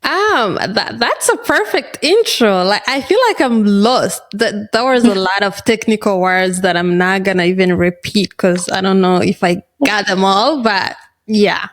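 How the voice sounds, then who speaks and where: A woman hosting a podcast, introducing her guest in a casual way with frequent fillers. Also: mid-range voice. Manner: slow, warm introductions with fillers. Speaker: podcast host.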